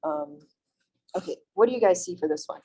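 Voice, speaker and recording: A woman's voice: lowish voice, expressive, brisk, dark tone, husky, rough recording. A young woman teaching a college math lecture in a classroom, friendly and reassuring, often checking in with the students. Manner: friendly, reassuring, asks frequent check-in questions. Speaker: math instructor. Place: classroom, also streamed on video call.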